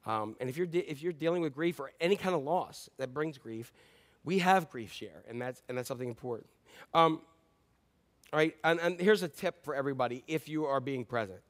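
Here a middle-aged male pastor preaches in a fairly high voice, going a little fast. His sermon is told through chatty stories, punctuated by loud emphasis one moment and quiet asides the next.

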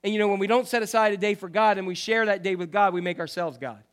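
A man preaching a sermon as pastor, swinging from loud, emphatic lines to quiet, low asides. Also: fast.

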